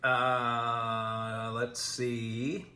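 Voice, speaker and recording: A man's voice: medium pitch, completely flat delivery, extremely slow, bright, forceful tone, echoey room. A man co-hosting a podcast, reading listener questions in casual chat, chuckling often and joking dryly.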